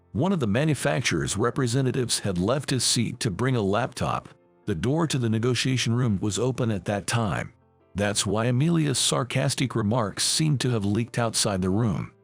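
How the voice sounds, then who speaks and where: Here a man narrates his own story from a script at a measured pace. His gravelly voice sits in the middle range and shifts expressively in pitch, while gentle music plays quietly underneath.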